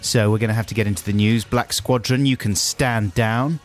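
A man's voice: lowish voice, fairly even intonation, normal speed. A man co-hosting a radio show, bantering casually and laughing often. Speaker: radio co-host.

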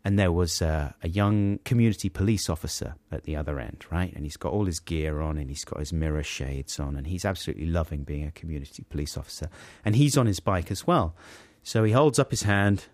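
A man's voice: low-pitched, brisk, few pauses, a little mellow, no echo. A man hosting a radio show, telling an exasperated, self-deprecating anecdote in a casual way. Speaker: radio host.

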